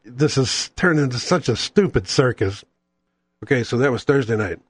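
A middle-aged man hosting a radio show, telling a casual story with wry, animated asides. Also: mid-range voice, moderate pace, breathy edge, no echo, studio quality. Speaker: radio host.

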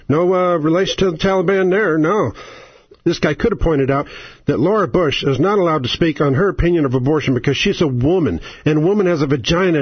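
A man's voice: on the high side, husky, no room sound. A man hosting a talk radio show, ranting in an angry, sarcastic, exasperated way. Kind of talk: political radio rant. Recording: lo-fi, dry radio sound.

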